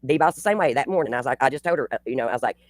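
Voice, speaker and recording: Woman, livestream host, rapid speech, dry mic, blunt, profane, rambling. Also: extremely low pitch, expressive, no room sound. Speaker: channel host. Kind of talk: casual livestream storytelling.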